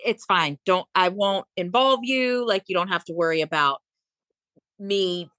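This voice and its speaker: On a podcast, this bodybuilder and fitness coach, a woman in her late 30s or 40s, chats a little slowly in a sharp-toned, middle-pitched voice. She's a chatty storyteller who plays every role in her quoted dialogue, and the audio is dry and close without any room echo.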